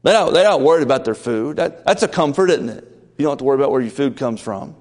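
A man preaching a conversational sermon in a folksy way, building up to loud, emphatic peaks. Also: mid-range voice, animated, quick pace, long reverb tail.

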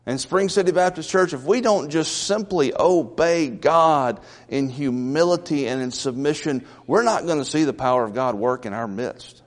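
A man's voice: fairly high pitch, moderate pace, hardly any pauses. A male pastor preaching a sermon in a church, emphatic and questioning the congregation. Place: church sanctuary. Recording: long reverb of a large church.

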